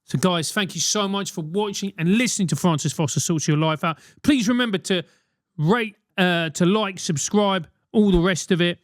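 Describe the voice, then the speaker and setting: A man's voice: high-pitched, normal speed, dry recording, clean studio sound. Man ranting on a comedy podcast. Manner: rambling, profane, comic ranting. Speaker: podcast host. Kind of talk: solo comedic advice podcast.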